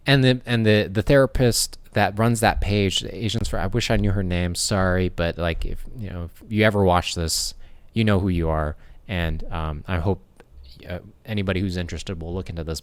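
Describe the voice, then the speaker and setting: A man's voice: low voice, clear, resonant tone, dry recording. An American man hosting a casual commentary vlog, talking in an earnest, rambling way. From United States. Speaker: YouTuber.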